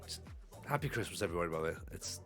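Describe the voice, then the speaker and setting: A man's voice: sits low, animated, rapid-fire, fairly bright tone, soft background music. A man with a Northeast English accent, streaming live as he plays a football management game, rambling and joking about himself while nursing a cold. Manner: rambling, joking, self-deprecating. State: has a cold. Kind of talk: casual live-stream commentary.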